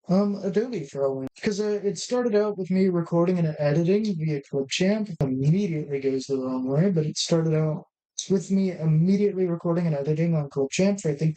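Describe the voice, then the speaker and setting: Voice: mid-range voice, dark tone, rough recording. A let's-play host giving casual gameplay commentary, rambling and thinking aloud with many restarts while talking straight to the viewers.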